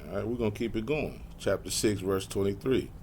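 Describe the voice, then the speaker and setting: In a lowish, slightly mellow voice, a man teaches a laid-back Bible lesson. He reads the verses slowly and clearly, then explains them in casual speech heavy with "man" and "y'all," while a little background noise runs underneath.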